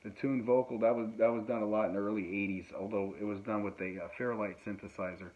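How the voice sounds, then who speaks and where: In a fast, fairly low voice with fairly even intonation, a man chats casually and rambles, laughing and using many fillers. He's a musician and podcast host recording at home, and the sound is dull lo-fi with faint noise.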